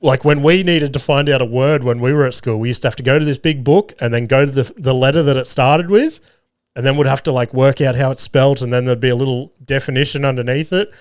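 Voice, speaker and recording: A man's voice: medium pitch, fast talker, no room sound, studio quality. Swearing man telling stories. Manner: swears a lot, laughs, rambling anecdotes. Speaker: podcast host. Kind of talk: casual solo podcast storytelling.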